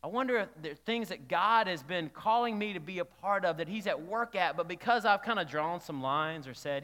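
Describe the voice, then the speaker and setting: Male pastor, casual sermon, a touch high and very clear, long church reverb. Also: expressive, brisk, hardly any pauses, sharp tone. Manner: conversational, engages the congregation with questions. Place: church hall.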